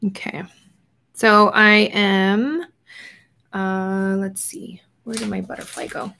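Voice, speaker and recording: There's a slight hiss or hum as a young woman chats with her livestream viewers while painting in her art journal, sometimes slipping into quiet murmurs. Her medium-pitched voice is creaky, flat, and slow.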